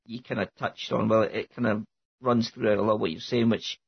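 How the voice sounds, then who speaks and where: Man, gravelly, very husky, muffled call audio, reflective host. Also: on the low side, fairly even intonation, a little fast. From Scotland. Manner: reflective, hesitant, many fillers. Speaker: podcast host. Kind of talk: casual conversation.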